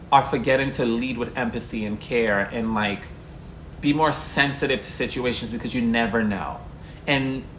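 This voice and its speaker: A man's voice: medium pitch, fairly bright tone, slight background noise. A man, a single father, earnestly telling a personal story to the camera, with many "like" fillers. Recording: echoey room with faint ambience.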